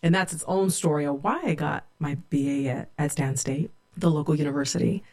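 A woman's voice: low voice, a little fast, a little mellow. A middle-aged woman from California, a sociology professor, telling her own story in a reflective, candid way. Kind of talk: personal storytelling.

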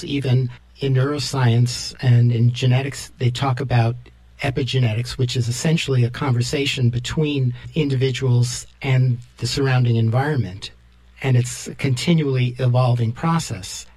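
A man hosting an interview who asks reflective, measured questions. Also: mid-range voice, a little mellow, poor audio. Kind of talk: radio interview.

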